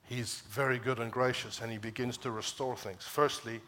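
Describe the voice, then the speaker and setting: A man preaching a sermon as pastor, passionate, climbing to emphatic peaks and dropping low and quiet when quoting scripture. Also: fairly even intonation, moderate pace, slight background noise. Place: church.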